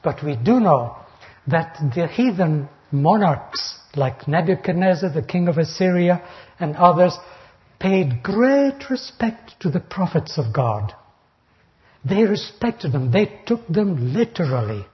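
A man's voice: on the high side, sing-song, unhurried. Emphatic older male preacher, lo-fi. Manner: emphatic, rising sharply on quoted taunts. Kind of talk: expository Bible sermon. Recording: dull lo-fi recording.

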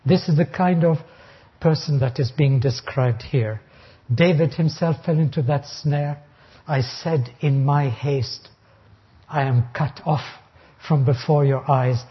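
A man preaching an expository sermon, reading Bible verses slowly and then explaining them deliberately. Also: a little high, breathy edge. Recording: dull lo-fi recording.

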